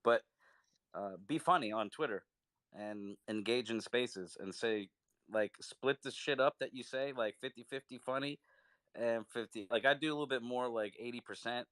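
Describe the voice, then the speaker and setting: A man's voice: medium pitch, normal speed, a bit bright, no echo. A man chatting casually in an online audio room, joking and swearing in loose slang. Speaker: speaker in a crypto audio chat. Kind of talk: casual chat.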